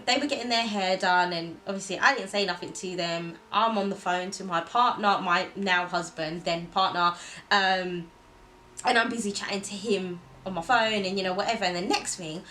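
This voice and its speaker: A woman's voice: mid-range voice, a little hiss or hum, poor audio. A young woman, chatting to camera and telling a personal story, acting out what others said. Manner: chatty, animated quoting of others. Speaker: vlogger. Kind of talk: casual storytelling chat to camera.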